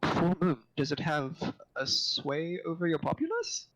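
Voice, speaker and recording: A man's voice: a little high, huge pitch swings, unhurried, fairly bright tone, no echo, heavily acted, low-quality recording. A man voicing a polite, refined tiefling traveler who speaks formally and courteously.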